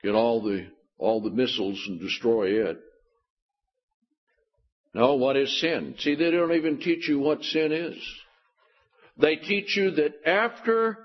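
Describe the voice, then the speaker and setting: Slow husky preacher, dull recording. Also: male voice, mid-range voice, lively intonation. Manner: emphatic, with sarcastic rhetorical questions. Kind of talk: Bible teaching sermon.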